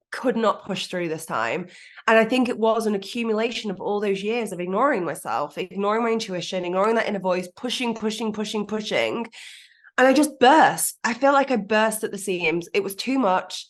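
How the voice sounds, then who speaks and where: A woman speaks candidly as a podcast guest. She is frank and lively, drops casual swearing and laughs at herself while telling her story, in an even middle pitch. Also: brisk. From Manchester, England. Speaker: business coach guest.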